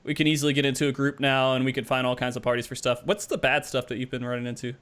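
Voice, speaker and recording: A man's voice: medium pitch, level tone, very fast, fairly bright tone, smooth. A man hosting a gaming podcast, chatting casually and steering the questions to his guests. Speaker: podcast host.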